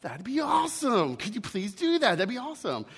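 A man's voice: a little high, sing-song, moderate pace, breathy edge, pitched above the performer's own voice. A man voicing a panicky male ghost who pleads and stammers in a story told during a sermon. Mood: eager. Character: panicky male ghost clinging to his sin.

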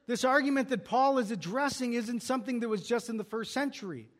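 A man's voice: extremely high pitch, a little fast. A pastor preaching an earnest expository sermon, often restarting and repeating words as he works through a passage.

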